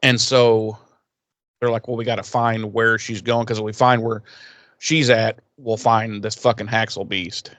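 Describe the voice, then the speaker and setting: A man co-hosting a podcast, casually recapping an episode with lots of swearing and quick acted-out quotes. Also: fairly low pitch, no echo. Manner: profane, animated retelling with voiced quotes. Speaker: podcast co-host.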